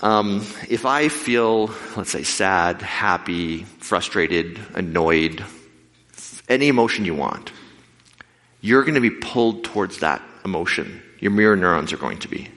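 A man preaching a sermon with lively storytelling, acting out the voices of the people in his stories. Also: deep voice, unhurried. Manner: animated, acts out quoted voices. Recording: long hall reverb.

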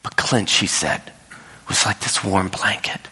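A male pastor delivering a sermon and telling a story, dropping to whispers and rising high when he quotes people. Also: unhurried, bright, forceful tone, breathy edge. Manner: storytelling, drops to whispers and rises high when quoting others. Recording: echoey hall with long reverb.

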